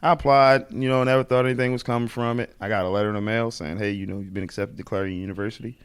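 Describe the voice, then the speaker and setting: A man in his thirties from Baltimore, a head wrestling coach telling lively stories in an interview and acting out the voices he quotes. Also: fairly low pitch, very fast, clear, resonant tone. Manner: animated storyteller, acts out quoted voices. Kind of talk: storytelling in a podcast interview.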